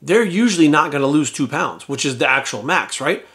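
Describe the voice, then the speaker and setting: A fitness coach talks in a loose, rambling monologue, his voice sitting a little higher than most men's. He is blunt and swears freely, and his pitch jumps up when he acts out what others said. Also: brisk. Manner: blunt, profane storytelling; animated when quoting others. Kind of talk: casual monologue.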